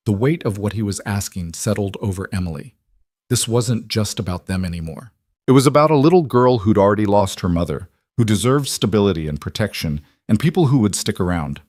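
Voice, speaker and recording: A man narrating a romance story in a measured, even way. His voice sits low, and the recording is close and dry, with no room sound. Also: no room sound. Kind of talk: scripted narration.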